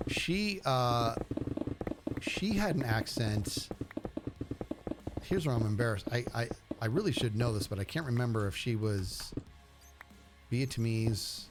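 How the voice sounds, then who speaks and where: Middle-aged man, rambling live-stream gamer chat at a mid pitch, music playing behind him. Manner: rambling and chatty, self-interrupting and repeating words. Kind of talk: casual live-stream chat while gaming. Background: background music.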